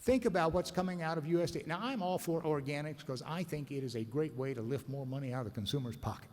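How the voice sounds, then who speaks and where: A man's voice: on the high side, fast, few pauses, darkish tone. A man, an agricultural lawyer, giving a blunt, combative, sardonic conference speech to a room of listeners. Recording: reverberant conference hall.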